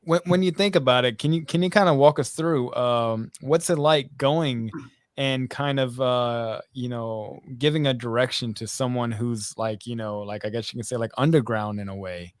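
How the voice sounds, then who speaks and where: A man's voice: medium pitch, fairly even intonation, normal speed, dry recording. A man hosting an interview, chatting casually and encouraging his guest with short affirmations. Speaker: show host.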